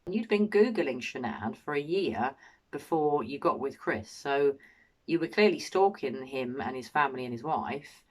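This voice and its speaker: A woman's voice: extremely low pitch, expressive, normal speed. An English woman giving opinionated true crime commentary, indignant and full of rhetorical questions. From England. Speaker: true crime channel host.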